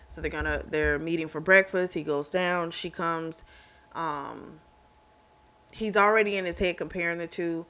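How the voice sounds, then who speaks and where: A book reviewer talks through a romance novel's plot in a loose, chatty way. The voice sits at a middling pitch, neither high nor low. Quick reactions and laughs break into the retelling. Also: steady tone, sharp tone, clear, resonant tone. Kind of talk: casual book recap.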